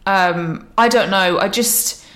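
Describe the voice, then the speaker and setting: A woman's voice: medium pitch, slow, fairly bright tone. Hesitant woman guest in casual chat. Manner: hesitant, with many fillers. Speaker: podcast guest.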